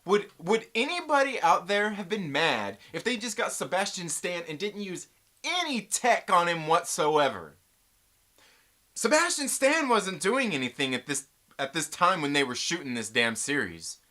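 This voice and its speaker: A YouTube pop-culture reviewer rants casually at a moderate pace in a medium-pitched voice. He's animated and profane, joking and swearing, and leans on slang like "dude" and "bro".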